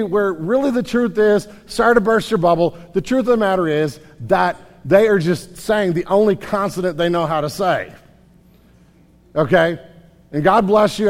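Pastor, male, higher register, animated conversational delivery with restarts; hall reverb. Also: normal speed. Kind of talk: sermon.

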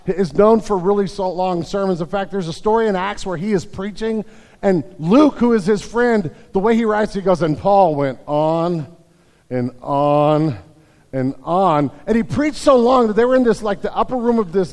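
High-voiced pastor preaching in a reverberant hall. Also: male voice, a little mellow. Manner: storytelling with jokes, frequent restarts. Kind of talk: sermon. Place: church sanctuary.

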